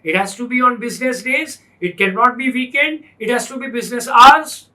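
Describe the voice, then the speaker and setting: Speaking a little fast with few pauses, this man has an extremely high, bright voice and a forceful tone. He's a finance instructor with an Indian English accent, lecturing a class emphatically through repetition and rhetorical questions, and the audio is poor.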